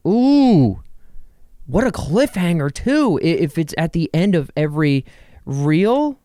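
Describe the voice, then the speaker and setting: Smooth-voiced young man rambling on a podcast. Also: a little high, dark tone, no echo, clean studio sound. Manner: rambling, jokey, with quick asides to himself. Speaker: podcast host. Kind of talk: casual solo podcast chat. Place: his bedroom.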